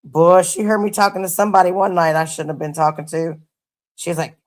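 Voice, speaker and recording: A woman's voice: on the low side, brisk, darkish tone. A middle-aged woman telling stories to her livestream viewers in a laid-back, profane, casual way. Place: her home.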